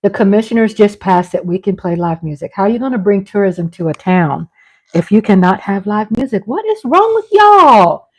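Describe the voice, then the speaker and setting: A woman with a Southern drawl chats casually on her vlog stream. Her voice sits at an ordinary middle pitch, and she talks in a playful, rambling way, laughing and teasing as she goes. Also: fairly quick, mellow, slightly rough. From Texas. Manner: chatty, laughs often, playful asides to her husband. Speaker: vlog host. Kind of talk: casual livestream chat.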